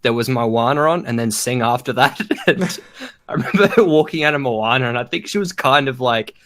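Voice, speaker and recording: A man's voice: mid-range voice, animated, a little fast, fairly bright tone. A young man co-hosting a casual podcast chat, rambling with lots of fillers and teasing his co-host.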